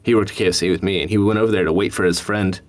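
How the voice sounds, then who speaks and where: A man co-hosting a podcast, telling crude fast food stories in casual chat. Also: low-pitched, steady tone. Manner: profane, storytelling, laughs often. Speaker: podcast co-host.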